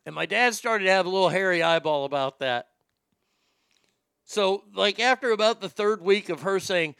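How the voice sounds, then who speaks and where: Male talk host, casual wry storyteller, bright tone, dry close sound. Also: fairly high pitch, a little fast, clear, resonant tone, no room sound. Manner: animated, wry storyteller who swears freely.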